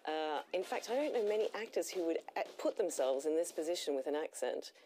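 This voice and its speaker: Low-voiced woman voice coach. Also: lively intonation, brisk, dark tone, a little hiss or hum, poor audio. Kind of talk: coaching explanation.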